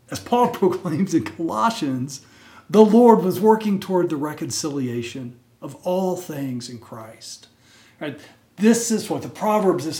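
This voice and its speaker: Pastor pria berkhotbah di ruangan bergema. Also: male voice, on the high side, darkish tone, reverberant. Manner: emphatic preaching with frequent "right?" asides. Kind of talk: sermon. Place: church sanctuary.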